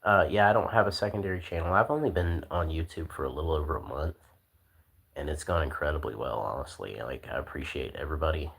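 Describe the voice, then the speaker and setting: A man hosting a casual livestream, talking in a laid-back, soft-spoken way with lots of fillers. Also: rumbling low, quick pace, creaky, breathy edge. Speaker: livestream host.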